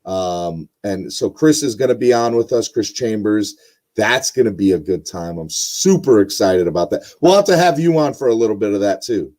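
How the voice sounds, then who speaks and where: A man's voice: lowish voice, lively intonation, moderate pace, darkish tone. A young man hosting a casual sports podcast, rambling with lots of ums and uhs. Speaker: podcast host.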